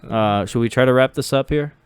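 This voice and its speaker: A man's voice: mid-range voice, brisk, smooth. A young man co-hosting a casual podcast chat, rambling and jokey, with lots of "like" fillers. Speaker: podcast co-host.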